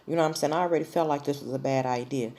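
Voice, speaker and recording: A woman's voice: rumbling low, racing, dark tone, a little hiss or hum. A woman vlogger telling a personal story in a blunt, profane, casual way.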